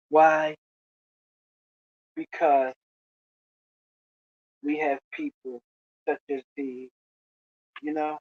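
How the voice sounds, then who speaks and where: A vlogger delivers a slow, moralizing lecture aimed at feuding creators, stopping again and again for a "you know?". The voice sits dry and close, with no room sound. The recording is dull and lo-fi. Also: mid-range voice, flat delivery, no echo. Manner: preachy, lecturing, repeats "you know?" often. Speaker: video creator addressing rival channels. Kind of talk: moralizing monologue to camera.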